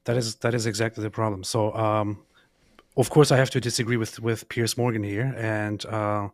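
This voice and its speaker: A blunt male co-host comments on a clip in casual talk, his voice on the low side. The recording is dry and close. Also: level tone, normal speed, dry recording.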